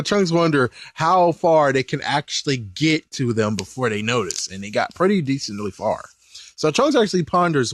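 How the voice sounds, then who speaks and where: A man's voice: medium pitch, no echo. A young man giving a casual, rambling episode commentary, laughing as he talks. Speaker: host.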